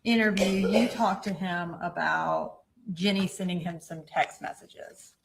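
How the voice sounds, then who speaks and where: A woman prosecutor questioning a witness in a courtroom in a measured, procedural way. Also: lowish voice, fairly even intonation, gravelly, background noise.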